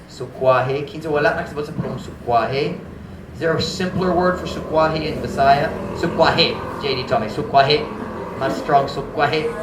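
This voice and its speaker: A man's voice: on the high side, a little hiss or hum. A man preaching a sermon as pastor, switching between languages, stopping to check words with the congregation and building to emphatic questions. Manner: mixes English and Cebuano, often pauses to ask about words; rises to forceful emphatic questions. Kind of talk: bilingual sermon. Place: church. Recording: echoey church hall.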